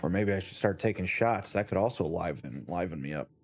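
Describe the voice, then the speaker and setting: A man's voice: low-pitched, lively intonation, brisk, a little hiss or hum. A man casually commenting while streaming a game, tired and yawning, chuckling between remarks. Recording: faint background music.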